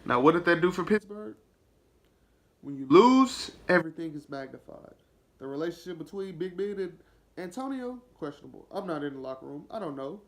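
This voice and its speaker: High-voiced man ranting about football. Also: fairly quick. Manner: animated, opinionated, talks straight at the listener; slips into acting out a player's voice. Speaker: podcast host. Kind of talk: solo sports commentary rant.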